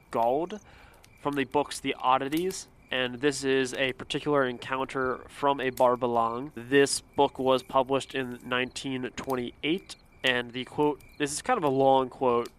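A man's voice: medium pitch, steady tone, measured pace, clean tone. A man narrating a casual explainer about folklore, with a rambling manner, hedging fillers and self-aware asides.

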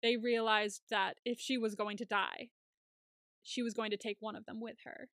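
A woman co-hosting a podcast, giving a casual, animated recap of a TV episode and acting out scenes with laughs. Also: on the high side, moderate pace, no echo, studio quality. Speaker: podcast co-host.

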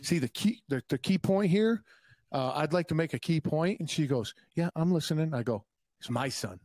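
A young adult man telling profane, animated stories in a casual podcast chat. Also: on the high side, normal speed, soft background music. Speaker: podcast guest.

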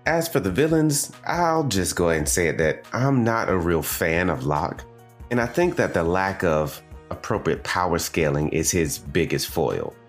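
A man's voice: deep voice, very animated, moderate pace, soft background music. A man from the American South with a Southern accent, giving a casual spoken review as a show host, chatting with asides to his audience. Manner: conversational, with digressions and asides to the audience. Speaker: anime reviewer and podcast host.

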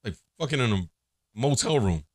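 A man talks alone on his podcast, crude and joking, tumbling from one thought to the next with plenty of fillers. His pitch leaps around animatedly. The sound is dry, with no room echo. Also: big pitch swings, moderate pace, slightly rough. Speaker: podcast host. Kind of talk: casual solo podcast monologue.

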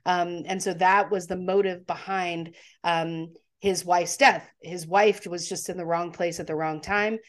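Brief: woman, lower pitch, animated podcast co-host recapping a film. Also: measured pace. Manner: animated storytelling with acted-out quotes. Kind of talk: casual film recap chat.

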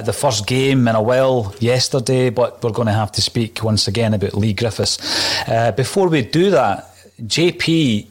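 A man hosting a casual football podcast, chatty and correcting himself on the fly. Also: medium pitch. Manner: chatty, quick self-corrections. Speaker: podcast host.

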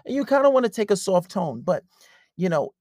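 A man's voice: high voice, big pitch swings, a little fast, darkish tone, dry recording, clean studio sound. A man hosting a podcast, giving blunt, casual relationship advice and acting out bits of quoted dialogue. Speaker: podcast host.

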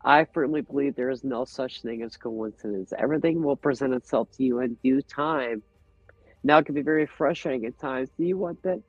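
A man's voice: mid-range voice, fairly quick, husky, no echo. Earnest reflective man, lo-fi sound. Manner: earnest, reflective, open about feelings. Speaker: podcast guest. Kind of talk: casual conversation. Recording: dull, lo-fi podcast audio.

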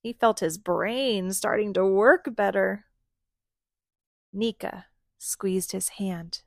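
A woman's voice: mid-range voice, slow, creaky, long pauses, dry recording. A woman reading a storybook aloud to her children, stopping often to ask them questions. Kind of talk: interactive read-aloud to children.

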